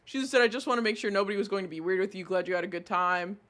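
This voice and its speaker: A man streaming live and reading chat aloud, animated and exasperated, swearing often. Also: high voice, rapid-fire.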